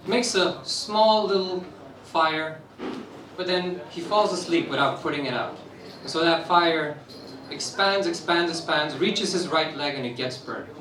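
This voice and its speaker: A young man from Romania telling a personal story at an open mic, animated and laughing through the funny parts. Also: on the high side, unhurried, background noise. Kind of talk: spoken-word storytelling. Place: live stage in a roomy venue. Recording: echoey room, voice from some distance.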